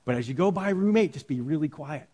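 Saint Peter, brisk heavenly gatekeeper, told by a man. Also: fairly high pitch, animated, warm tone. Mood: matter-of-fact. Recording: reverberant hall.

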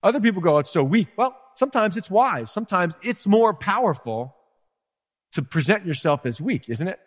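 A male pastor delivers an animated sermon, slipping into quoted voices and playful asides. His voice sits a little higher than most men's. The sound carries a long reverb from the hall.

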